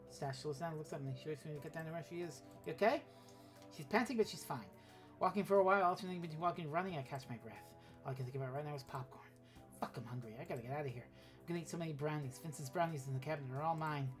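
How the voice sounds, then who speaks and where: A woman streamer reading a text adventure game aloud, with offhand asides and swearing. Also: low-pitched.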